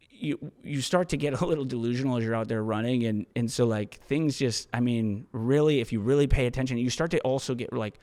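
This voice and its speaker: A man's voice: medium pitch, darkish tone, in a large hall. A man hosting a solo podcast, talking in a loose, rambling way and swearing freely. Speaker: podcast host.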